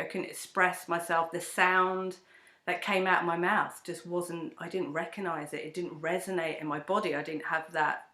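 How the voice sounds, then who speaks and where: A woman, a breathwork teacher and singer-songwriter, telling her story in a lively conversational interview and acting out quoted voices. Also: lowish voice, roomy sound.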